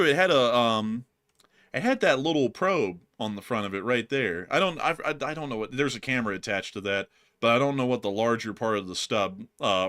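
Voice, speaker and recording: Bright-voiced chatty male news host. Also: medium pitch. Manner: chatty, laughs often, rambling. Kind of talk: casual news commentary stream.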